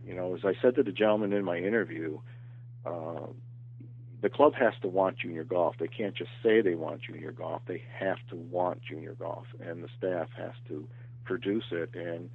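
A man's voice: low-pitched, husky, dry recording. A man speaking as a golf professional guest in a podcast interview, earnest and repeating words as he gathers his thoughts. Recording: tinny phone line, very dry.

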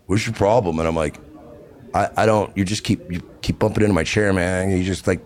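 A man's voice: deep voice, a little fast, slight background noise. A man co-hosting a podcast, telling a story in casual chat, cursing freely and acting out what people said. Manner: profane, animated, acts out quotes. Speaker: podcast co-host.

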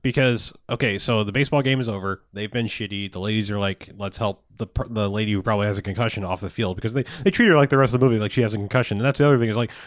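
A man ranting in casual chat about a movie, profane and animated. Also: fairly low pitch, racing, few pauses, no room sound, studio quality. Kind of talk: casual film review chat.

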